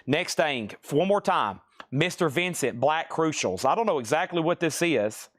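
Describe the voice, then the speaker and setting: A man's voice: on the high side, expressive. Tired man calling out record prices. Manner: rapid auction-style calling of items and prices, chatty asides. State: tired, voice getting worn. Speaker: live-stream record seller. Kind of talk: live-stream sales patter. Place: record store.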